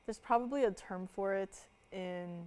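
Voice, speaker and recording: A woman's voice: medium pitch, measured pace, a little mellow. A woman hosting a live jewelry shopping show, talking casually with frequent laughs and fillers as she describes pieces and answers viewers. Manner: chatty, laughs often, many fillers. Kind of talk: live home-shopping presentation.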